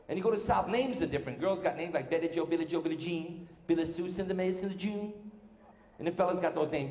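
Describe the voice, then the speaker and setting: Brash stand-up comedian on a hall stage. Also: male voice, high-pitched, a little mellow, dull audio. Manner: brash, rapid-fire joke telling. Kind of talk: live stand-up routine. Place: live stage in a large hall. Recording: roomy live hall with faint noise.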